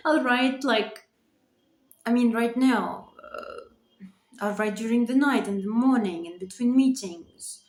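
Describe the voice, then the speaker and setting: Emotional woman talking halting to camera. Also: fairly high pitch, big pitch swings. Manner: emotional, halting, repeats phrases, nervous laughs. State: voice cracking with emotion. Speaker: vlogger. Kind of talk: confessional talk to camera. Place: bedroom. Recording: echoey room.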